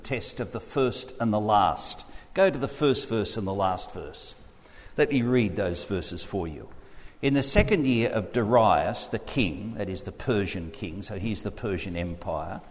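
A man's voice: lowish voice, darkish tone. A man with an Australian accent, preaching a sermon and reading scripture aloud as he teaches through the text. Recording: echoey hall with long reverb.

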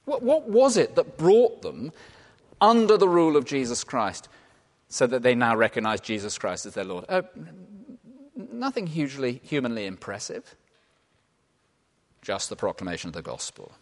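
Male preacher from England, mid-pitched, animated and playful, earnest when quiet, echoing hall. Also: normal speed. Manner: animated, playful asides and laughter, drops to quiet earnest tones. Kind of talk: sermon. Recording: long reverb of a large hall.

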